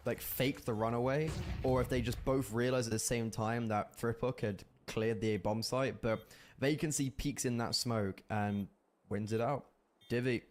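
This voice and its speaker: A man casting a live competitive shooter match as play-by-play commentator, animated and rising in bursts at big plays. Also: mid-range voice, noisy background. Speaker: esports caster.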